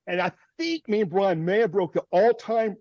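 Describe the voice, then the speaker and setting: This storm chaser, a man with a high, slightly mellow voice, speaks at a normal speed as he vividly recounts a story on a video call, with restarts and brief nervous laughs. The lo-fi recording is dull and dry, with no room sound.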